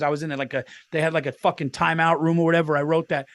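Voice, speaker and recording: A middle-aged man telling stories on a podcast, his voice sitting a bit high. He swears freely and laughs through his own tales in loose, casual chat. The sound is dry and close to the mic. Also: little pitch movement, quick pace, hardly any pauses, dry recording. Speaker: podcast co-host.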